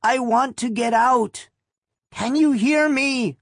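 A man's voice: very high-pitched, takes it slowly, fairly bright tone, no echo, clean studio sound, voice pushed up, full character voice. A man voicing a frail elderly woman buried underground who pleads to be let out, in a quavering, plaintive voice for an audiobook. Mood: pleading.

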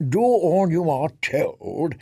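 A man's voice: a little high, big pitch swings, creaky, warm tone, slightly rough, no room sound, heavily acted. Oily male nurse, read by a man: patronizing, drawn out, dry close mic. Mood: wheedling. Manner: slow, wheedling, coaxing.

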